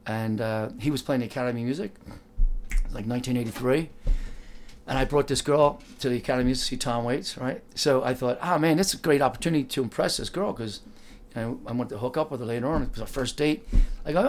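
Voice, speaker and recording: Talking fast in a mid-range voice, an older man reminisces about his days as a driver, with slight background noise behind him. He meanders, peppers his speech with "like" and "you know," and performs the voices of the people he describes.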